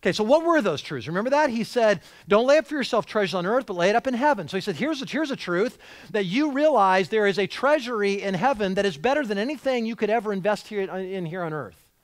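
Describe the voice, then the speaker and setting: A man preaching a sermon with a high, very lively voice that swings up and down. He speaks conversationally but with emphasis, repeating and restarting phrases as he goes. The sound is close and dry. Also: fast talker, dry recording. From United States. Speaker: pastor. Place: church.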